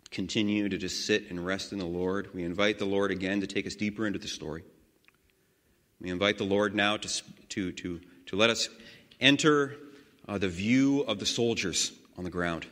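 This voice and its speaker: A man leading a guided scripture meditation, reading slowly and earnestly with sudden swells of emphasis. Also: low voice, a bit bright. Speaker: prayer leader. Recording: long hall reverb.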